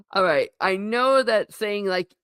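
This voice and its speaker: A woman's voice: mid-range voice, fairly bright tone, clean tone, no room sound, studio quality. A woman who used to teach, hosting a casual livestream, chatting loosely, laughing often and reading out viewer comments. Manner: chatty and rambling, laughing often, self-correcting. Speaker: livestream host; former teacher.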